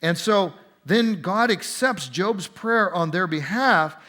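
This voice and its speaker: A man with a high, buoyant voice that swoops up and down as he talks through scripture. He answers interview questions in an animated, emphatic way and throws in quick conversational asides. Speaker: interview guest, Bible teacher. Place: conference center.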